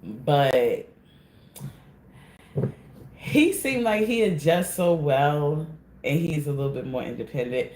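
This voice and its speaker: A man's voice: on the high side, animated, slow, long pauses, a little mellow, roomy sound. A man doing a casual, rambling tarot card reading, repeatedly addressing his listeners as collective.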